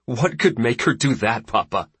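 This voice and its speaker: Man voicing a teenage farm boy, earnest, pleading, husky, storybook. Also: lowish voice, very animated, moderate pace, dry recording, exaggerated voice.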